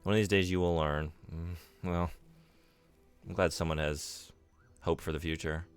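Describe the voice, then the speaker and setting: A man's voice: sits low, fairly even intonation, moderate pace, clear, resonant tone, faint music behind. A man streaming a game, chatting casually with his viewers and poking fun at himself. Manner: chatty, self-deprecating, reads and answers chat. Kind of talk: casual live-stream chat while gaming.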